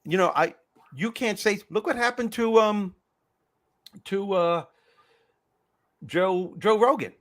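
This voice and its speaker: Emphatic storytelling man, slightly high. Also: slow pace, pauses often, a bit bright. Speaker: host. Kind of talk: podcast conversation.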